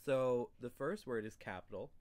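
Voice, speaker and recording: A young man from New York State tutoring English in a casual lesson, relaxed, with many fillers and throat clearing. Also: mid-range voice, moderate pace. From New York State, USA.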